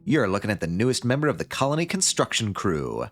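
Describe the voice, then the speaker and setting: A man voicing an excitable young male construction worker in an odd put-on accent. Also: fairly low pitch, quick pace, soft background music, exaggerated voice. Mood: excited.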